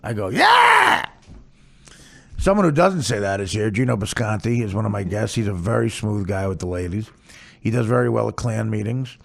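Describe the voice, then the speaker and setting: Gravelly man rambling through crude jokes. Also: lowish voice, fairly quick. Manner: crude, profane, joking with deadpan asides. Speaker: podcast host. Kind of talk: casual rambling monologue.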